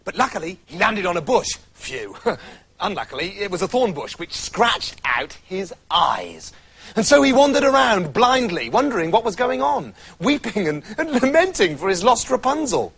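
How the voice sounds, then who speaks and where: A manic male storyteller narrating a fairy tale with wild swings in pitch, throwing in shouts and silly sound effects. His voice is high for a man and bright, with a gravelly rasp. The delivery is comic and theatrical throughout. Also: very animated, moderate pace.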